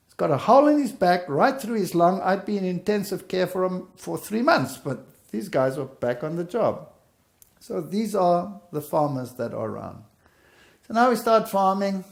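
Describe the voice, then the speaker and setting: A man's voice: on the high side, creaky, darkish tone. A man sharing his faith testimony as a story, acting out the dialogue as he goes.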